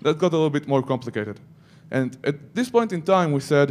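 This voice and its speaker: A man's voice: a little high, lively intonation, fairly quick. A man giving a security conference talk, breaking into joking asides to the audience. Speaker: conference speaker.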